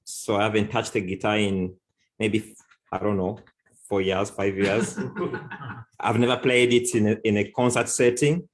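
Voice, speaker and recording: A man speaks casually as the guest song leader on a video call. His voice sits somewhat low. He talks in a loose, unhurried way, with plenty of pauses and restarts. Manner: relaxed, with many fillers and restarts. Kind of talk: casual chat.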